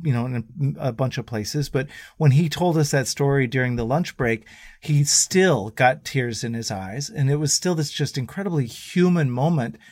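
A man guesting on a podcast, telling road stories in a casual, animated way and acting out the voices of people he quotes. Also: mid-range voice, normal speed, no echo, clean studio sound. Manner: animated storyteller who acts out quoted voices.

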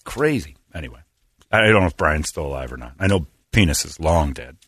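A middle-aged man from Phoenix, hosting a radio show and telling stories with animated, acted-out voices. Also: very deep voice, a little fast, breathy edge, dry recording. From Phoenix, Arizona. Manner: animated storyteller, acts out characters in raised voices. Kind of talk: casual morning show banter and storytelling.

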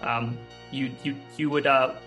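A man's voice: mid-range voice, little pitch movement, a little slow, bright, forceful tone, soft background music. A man narrating a tabletop role-playing game as game master, rambling with many fillers and restarts.

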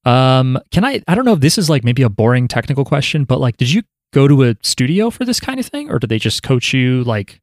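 A man's voice: medium pitch, very animated, brisk, few pauses, dry recording, studio quality. A man hosting a podcast, loose and joking, swearing casually. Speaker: podcast host.

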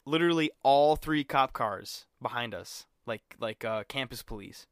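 A man's voice: medium pitch, expressive, moderate pace, smooth. A young man co-hosting a podcast, telling a college story in casual chat, acting out quotes and swearing freely. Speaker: podcast co-host.

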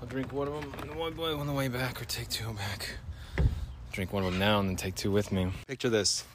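A middle-aged man rambling through a casual podcast monologue at an ordinary pitch, slangy and loose, tossing in "dude" as he drifts between thoughts. A faint hiss sits under the recording. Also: steady tone, brisk. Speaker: podcast host.

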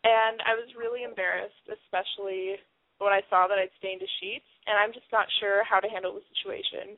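A woman's voice: mid-range voice, fairly even intonation, fairly quick, dry recording. A twenty-year-old woman from New York City calling an advice show, hesitant, embarrassed and polite. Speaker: caller. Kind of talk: phone call to an advice show. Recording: tinny phone line, dry.

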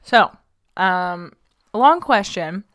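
Chatty woman podcast host, smooth voice. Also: mid-range voice, expressive, very slow, fairly bright tone. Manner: chatty, many ums and likes, laughs at herself. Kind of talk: casual podcast, reading a listener question.

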